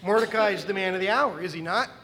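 A male pastor delivers a sermon in a high, bright-sitting voice, emphatic and animated, with wry asides to his listeners. His words ring out with a long reverb, as in a large church hall. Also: fast, slight background noise.

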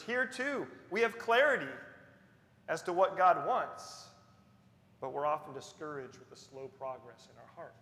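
A male pastor delivers a sermon in an earnest, emphatic way, driving points home by repeating them. His voice sits a little high for a man. The sound rings with the long reverb of a large hall. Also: bright, forceful tone.

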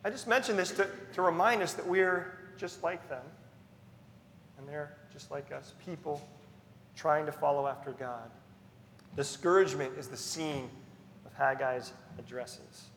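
A male pastor delivers a sermon in an earnest, emphatic way, driving points home by repeating them. His voice sits a little high for a man. The sound rings with the long reverb of a large hall. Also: a little slow, a bit bright, slight background noise.

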